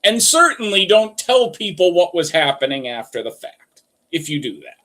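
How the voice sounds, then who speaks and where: A man's voice: sits high, sing-song, normal speed, bright, forceful tone. A man hosting a livestream, commenting on a played clip in a wordy, dry, sarcastic way. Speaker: commentary host.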